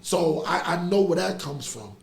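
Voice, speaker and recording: A middle-aged man chats on a podcast. His voice has gravelly fry and sits a touch high. He swings from easy storytelling into loud laughter, in an echoey room with faint background noise. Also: moderate pace. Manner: animated storytelling, laughs through stories. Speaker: podcast host. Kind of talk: casual chat.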